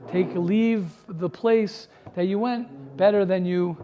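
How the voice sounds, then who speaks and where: A man's voice: high voice, fairly even intonation, slow, mellow, slight background noise. A man giving a sermon as a rabbi to a live class, impassioned and talking in repeated phrases and restarts.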